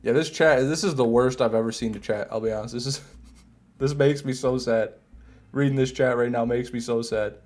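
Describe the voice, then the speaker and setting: A man's voice: mid-range voice, normal speed, a little mellow. A young man streaming a video game, chatting casually and grumbling to his chat. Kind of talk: casual gameplay commentary.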